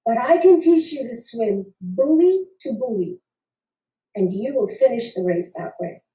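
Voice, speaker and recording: A woman voicing a calm, kind swim teacher within her own story. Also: fairly high pitch, unhurried. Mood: reassuring. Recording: roomy sound from a distant mic.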